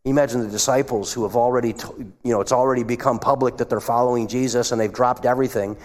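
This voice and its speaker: A man preaching a sermon as pastor, retelling scenes and dropping his voice low for asides. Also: steady tone, fast. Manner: acts out quoted voices, drops to a hush for asides. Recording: long hall reverb.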